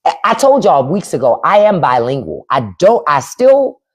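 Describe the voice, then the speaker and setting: Woman, livestream host, African American English, lowish voice, very lively intonation, profane comedic riffing. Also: moderate pace, breathy edge. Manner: animated, profane, acts out quoted voices. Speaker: podcast host. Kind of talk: casual comedic commentary on a livestream. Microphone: phone or desk mic on a livestream.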